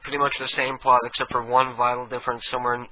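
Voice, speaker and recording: A man's voice: mid-range voice, completely flat delivery, rapid-fire. Rambling male radio host, tinny sound. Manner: rambling, chatty, many restarts. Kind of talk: casual radio chat. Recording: tinny phone-like radio audio with faint hiss.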